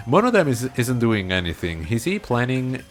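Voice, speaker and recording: A man casually commenting on a video game as he plays, joking and laughing often. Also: medium pitch. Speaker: let's play host.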